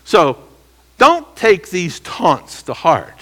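A man's voice: high-pitched, wildly swooping pitch, extremely slow, a bit bright. A man preaching an expository sermon, reading verses aloud and asking the listeners rhetorical questions. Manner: emphatic, rhetorical questions, reads scripture aloud.

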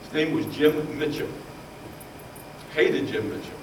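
A man preaching a sermon, telling his own story with passion, his voice rising loud and falling hushed. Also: mid-range voice, lively intonation, a little slow, a little hiss or hum. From Baltimore, Maryland. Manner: impassioned, swings from loud to hushed. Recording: roomy echo, voice from far off.

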